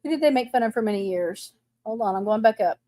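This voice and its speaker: A woman's voice: fairly high pitch, expressive, fast, mellow, no echo. A middle-aged woman with a Texan accent hosting a casual live chat, chatty and laughing often as she greets viewers. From Texas. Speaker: livestream host.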